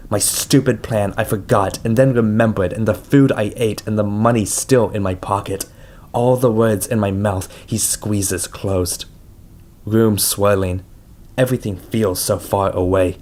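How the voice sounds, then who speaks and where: A man reading a novel aloud as an audiobook narrator, in a measured, quiet way. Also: on the low side, fairly even intonation.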